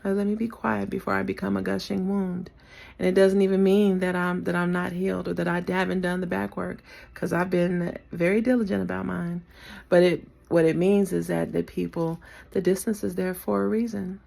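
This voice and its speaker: A woman's voice: on the low side, level tone, normal speed, gravelly, a little mellow. A woman vlogging a reflective casual rant into her phone camera, laughing now and then. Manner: reflective, talks to herself, laughs often.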